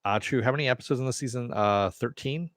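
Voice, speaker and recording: A man's voice: mid-range voice, fast, fairly bright tone, no echo, studio quality. A man hosting a casual live TV review, rambling off the cuff, swearing now and then and answering chat comments. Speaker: TV review host.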